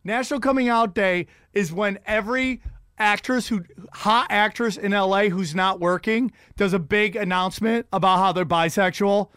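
A man's voice: high-pitched, normal speed, a bit bright, clean tone, dry recording, studio quality. A man hosting a casual chat, telling rambling, profane, self-mocking stories.

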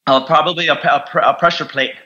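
Profane, halting American veteran man. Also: on the high side, steady tone, sharp tone, highs cut off. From United States. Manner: raw, profane, halting with many restarts. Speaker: podcast guest, combat veteran. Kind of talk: candid storytelling interview.

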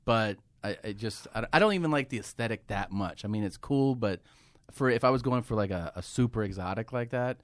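A man telling stories as a comedian guest on a studio podcast, animated and full of filler words. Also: fairly low pitch, brisk, dry recording. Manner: animated storyteller, many filler "like"s. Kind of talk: casual podcast chat.

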